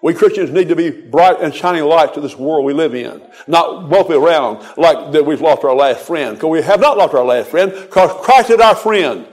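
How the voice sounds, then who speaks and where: A man's voice: on the high side, expressive, normal speed, few pauses. An older man preaching a folksy, exhorting sermon, quoting scripture in a rhythmic cadence.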